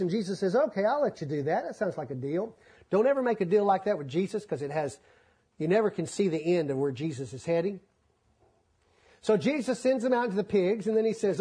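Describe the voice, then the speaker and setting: A man's voice: sits high, animated, fairly quick, dark tone, husky. A male preacher giving a folksy, joking sermon, reading scripture aloud and then retelling it in plain words.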